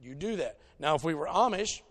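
A man's voice: on the high side, animated, a little fast, fairly bright tone. A man preaching a conversational sermon in a folksy, plainspoken way, telling stories to make his points.

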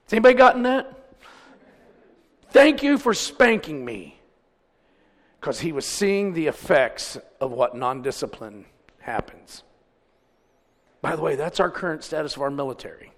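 A middle-aged pastor with a high, gravelly voice delivers an animated sermon. He climbs to loud, stretched-out peaks and then drops to quiet asides. His voice rings with the long reverb of a church hall. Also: moderate pace.

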